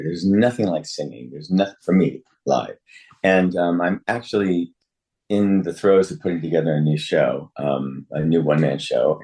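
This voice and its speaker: A man in his sixties, an actor speaking as a guest over a video call, animated and often correcting himself with laughs. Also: low-pitched. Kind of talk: remote interview.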